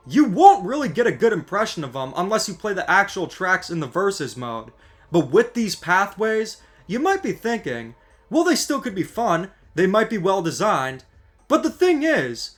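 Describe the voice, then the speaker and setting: Gaming creator, male, high voice that swings widely, sarcastic exasperated rant delivery. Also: fairly bright tone. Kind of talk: scripted ranting commentary.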